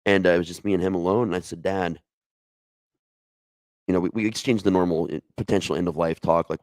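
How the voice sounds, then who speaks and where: Low-voiced man telling a haunting true story. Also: fairly even intonation, fairly quick, pauses often, a little mellow, dry recording. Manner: conversational, emotional, with many restarts and asides. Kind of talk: personal ghost story told casually.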